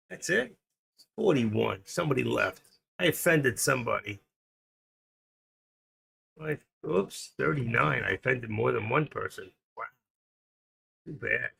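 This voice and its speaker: A man's voice: mid-range voice, vocal fry, a bit bright, breathy edge. A man with a New York accent from Queens hosting a trading livestream, rambling and joking as he thinks aloud. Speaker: stock trading livestream host. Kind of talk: casual livestream chat.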